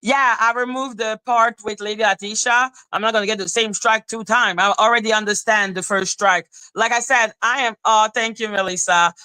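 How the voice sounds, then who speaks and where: A woman hosting a livestream, ranting heatedly and with swearing, and breaking into high sing-song greetings to her viewers. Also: fairly even intonation, moderate pace, few pauses, sharp tone, smooth, no room sound. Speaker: livestream host. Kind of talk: livestream rant chatting with viewers.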